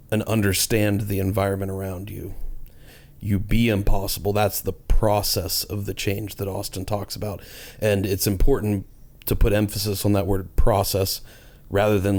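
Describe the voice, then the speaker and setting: A man co-hosting a podcast talks through his ideas earnestly, in a casual, explanatory way. His voice sits low and stays fairly level in pitch. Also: a little mellow. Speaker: podcast co-host.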